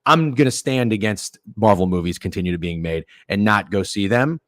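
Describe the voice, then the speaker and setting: A man hosting a sports betting livestream, ranting in a profane, opinionated way with sudden loud outbursts while reading chat. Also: fairly low pitch, animated, normal speed, no echo, studio quality. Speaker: sports betting stream host.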